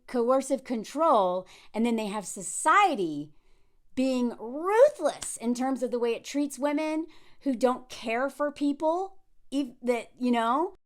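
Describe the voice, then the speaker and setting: A woman of around forty with a Southern US accent, giving animated, digressive commentary full of sarcastic asides. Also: on the high side. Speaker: commentary vlogger. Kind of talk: ranting commentary.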